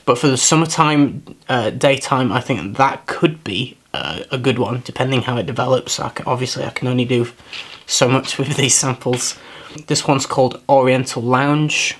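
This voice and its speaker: A man at an ordinary middle pitch reviews fragrances in a relaxed, unscripted way. He pauses, restarts and repeats words while working out what he smells, and he is often apologetic about himself. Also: slight background noise. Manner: thoughtful, hesitant, self-deprecating, repeats words while searching. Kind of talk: casual product review.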